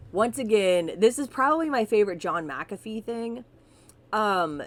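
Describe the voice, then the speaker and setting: A woman co-hosting a podcast, telling wild stories in a casual, animated way, swearing freely and sometimes reading aloud. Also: medium pitch. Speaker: podcast co-host. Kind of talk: casual storytelling chat with profanity.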